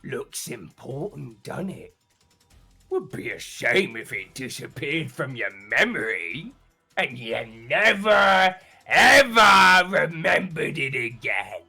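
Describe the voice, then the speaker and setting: A man voicing a menacing undead male wolf monster that mocks and taunts its prey, now and then bursting into shouts in a tabletop game. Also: on the high side, big pitch swings, takes it slowly, creaky, husky, soft background music, full character voice. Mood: taunting.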